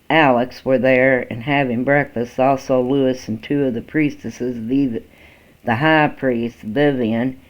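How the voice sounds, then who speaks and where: A man reading a first-person story aloud in a slow, halting way, with small restarts, on a dull lo-fi recording. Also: medium pitch. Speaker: amateur story reader.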